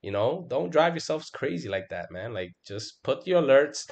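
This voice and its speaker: A man's voice: medium pitch, big pitch swings, normal speed, vocal fry. A middle-aged man hosting a trading livestream, talking in an emphatic, casual style full of swearing and "bro"s, now and then mimicking his own panicked outbursts. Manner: emphatic, swears constantly, lots of "right?" and "bro". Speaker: trading stream host. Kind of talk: casual profane livestream chat.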